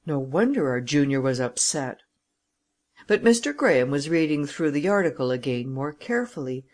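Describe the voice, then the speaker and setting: An audiobook reader narrates a period novel in the first person. The delivery is steady and even, the voice at a middling pitch.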